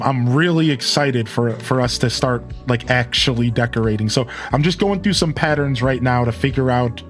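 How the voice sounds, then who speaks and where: A man streaming live, chatting in a rambling, casual way and answering his chat. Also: medium pitch.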